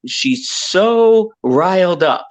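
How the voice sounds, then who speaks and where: A man's voice: high voice, lively intonation, drawn-out words. A man hosting a casual panel podcast, impassioned, laughing often and swearing freely. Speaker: podcast host. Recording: dull lo-fi call audio.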